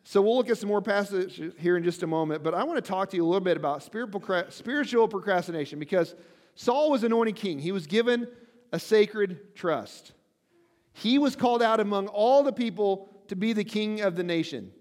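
A man's voice: high voice, fast, darkish tone. A male pastor preaching a sermon in a conversational way, often asking "right?" and reading scripture aloud with wry asides. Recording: long hall reverb.

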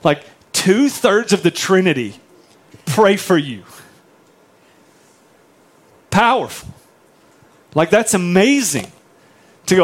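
A man's voice: high-pitched, very animated, slow, long pauses. A man preaching a sermon to his church, talking in a conversational, emphatic way and often checking in with the congregation. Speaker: pastor.

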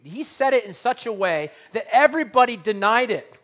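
A man's voice: high voice, a little fast, hardly any pauses. A male pastor preaching a conversational sermon, acting out the scenes as he tells them. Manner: animated, conversational, acts out scenes.

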